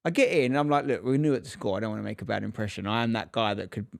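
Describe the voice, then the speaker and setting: Fast-talking dad storyteller. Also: male voice, lowish voice, vocal fry, no room sound, clean studio sound. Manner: animated storyteller acting out quotes. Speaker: podcast co-host, dad. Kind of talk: casual chat.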